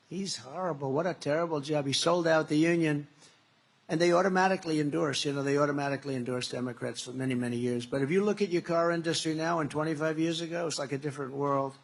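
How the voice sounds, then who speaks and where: A man's voice: a little high, fairly bright tone, husky. A man in his seventies giving a campaign rally speech at a factory, repetitive and boastful, retelling conversations in a conversational way. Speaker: political candidate.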